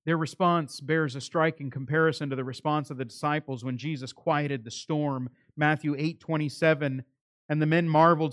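Dramatic male preacher, fairly high voice. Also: steady tone, moderate pace, no echo, clean studio sound. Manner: dramatic preaching, acting out quoted voices, rising and dropping loudness. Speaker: pastor. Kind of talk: sermon.

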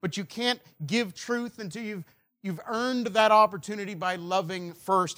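A man preaching a sermon earnestly, moving between loud emphasis and quiet, slow stresses. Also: sits high. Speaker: pastor.

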